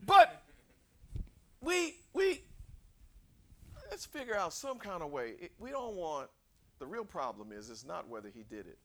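A man preacher delivering a sermon, animated and quizzing his congregation with direct questions. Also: on the high side, fairly quick.

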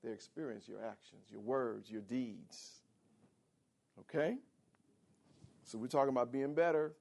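A man preaching a sermon as pastor, animated and calling on the congregation for responses. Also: medium pitch, a little slow, vocal fry. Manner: animated, calls for audience responses.

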